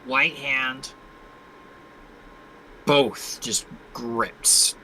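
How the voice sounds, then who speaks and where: A man playing a tabletop game speaks slowly and thinks out loud. His voice is bright and forward, at a middling pitch. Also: steady tone, slight background noise, poor audio. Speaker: player.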